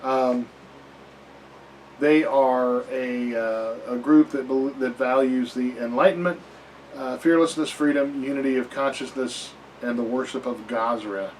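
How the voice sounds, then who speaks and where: A man's voice: medium pitch, steady tone, unhurried, recorded from a distance, slight background noise, low-quality recording. A man reviewing a tabletop game book in a casual, rambling way, with many fillers and wry asides.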